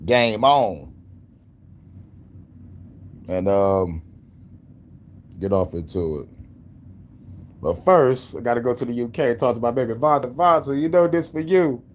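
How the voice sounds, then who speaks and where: A man's voice: medium pitch, a little slow, pauses often. A man hosting a stream in casual chat, laid-back and slangy, rambling with fillers. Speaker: streamer host.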